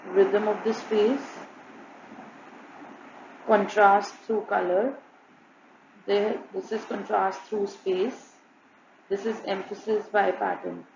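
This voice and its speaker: A woman narrating a student design presentation, listing examples in a flat, repetitive way. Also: medium pitch, slow pace, vocal fry, pauses often, slight background noise. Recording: muffled, echoey room with faint ambience.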